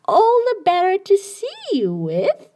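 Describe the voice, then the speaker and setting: A squeaky, cunning storybook wolf, put on by a woman narrator. The voice sits very high and swoops about, sweet on the surface and hungry underneath. The delivery is slow and drawn out. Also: huge pitch swings, mellow, heavily acted. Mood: sly sweet. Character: big bad male wolf, sly and hungry.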